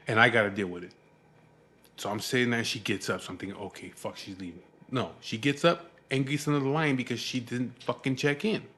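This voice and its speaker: A man's voice: lowish voice, pushed and bright. A man telling a long story in a casual, rambling way, swearing often and sounding exasperated.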